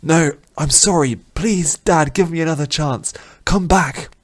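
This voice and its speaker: A man's voice: mid-range voice, measured pace, no echo, voice pushed up, natural voice. A man voicing an anguished young male hero in a fantasy audiobook, his voice strained and pleading.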